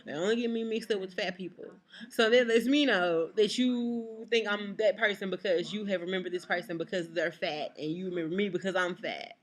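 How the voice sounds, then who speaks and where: A woman's voice: mid-range voice, brisk. A young woman, ranting to camera in a casual vlog, blunt and exasperated, swearing freely. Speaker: vlogger.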